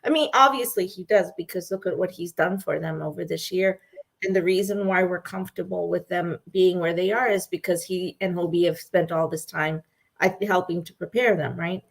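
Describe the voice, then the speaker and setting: A woman's voice: on the low side, moderate pace, vocal fry. Gushing woman in a casual fan chat. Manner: gushing, animated storyteller who laughs often. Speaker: co-host.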